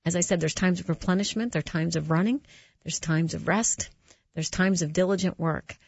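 This woman speaks in a lowish, creaky, slightly mellow voice with a breathy edge, at normal speed and with no room sound. She hosts a Christian radio talk show, sharing personal stories earnestly and conversationally, often restarting sentences. The radio audio is dull and slightly muffled.

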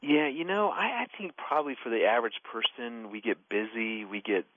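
A man in his forties, a radio talk guest, telling family stories in an animated way with bursts of laughter. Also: mid-range voice, brisk, dry recording. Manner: storytelling, animated and laughing while recounting. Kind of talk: radio talk about marriage. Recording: dull, dry radio studio sound.

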